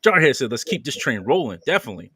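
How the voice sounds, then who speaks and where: A man's voice: medium pitch, very animated, fast, pushed and bright, breathy edge, no echo, clean studio sound. A man hosting a podcast, casually reading viewer comments aloud with playful banter and frequent laughter. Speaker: podcast host.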